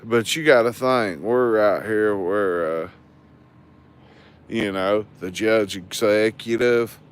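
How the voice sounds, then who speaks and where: A man's voice: lowish voice, slow pace, smooth. A man, telling rambling, profane stories to his livestream viewers. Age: 40s. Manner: loose, crude, rambling storytelling.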